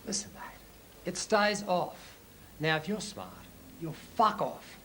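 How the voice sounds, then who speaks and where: A man's voice: on the low side, moderate pace, a little hiss or hum, close to an everyday voice. An actor playing a big, contemptuous male stranger, cold and threatening. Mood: menacing. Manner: cold, threatening, explodes into shouting. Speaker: stranger at the pool table. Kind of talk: film drama acting.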